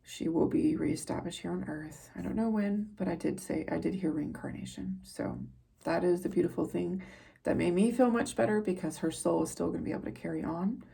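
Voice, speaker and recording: A woman reads tarot for her viewers in a low, gravelly voice with a husky edge. Her tone is dark and mellow. She talks earnestly and rambles, preaching like a spiritual teacher. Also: fairly quick. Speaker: psychic tarot reader.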